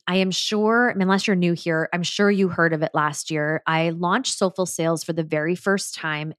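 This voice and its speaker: A woman's voice: lowish voice, dry recording, studio quality. A woman hosting a solo podcast, talking in an enthusiastic, emphatic, motivational way. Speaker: podcast host and business coach.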